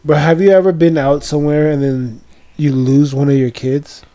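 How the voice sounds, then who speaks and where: A man with a slightly high voice co-hosts a podcast, casually queuing up clips for his friend. He keeps it laid-back and teasing. Curse words slip in easily. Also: level tone, moderate pace, warm tone. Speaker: podcast co-host. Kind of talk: casual video-reaction chat.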